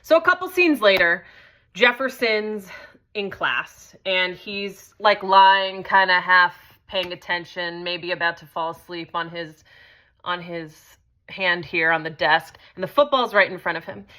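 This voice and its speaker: A woman's voice: lowish voice, measured pace, bright, forceful tone. A woman hosting her own vlog, telling a story in a conversational way and swearing freely. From United States. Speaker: host. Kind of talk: casual vlog monologue.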